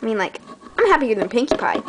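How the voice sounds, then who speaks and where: A woman's voice: fairly high pitch, sing-song, fast, heavy background noise. A teenage girl hosting her own channel, chatting in a bubbly, rambling way with dramatic gasps. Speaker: channel host. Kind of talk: casual vlog chat.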